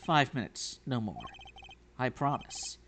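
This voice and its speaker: A man voicing a smug, scheming male prosecutor in a video game, speaking slowly and condescendingly. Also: mid-range voice, sing-song, a bit bright, a little hiss or hum. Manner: slow, drawn-out, condescending. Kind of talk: reading game dialogue aloud.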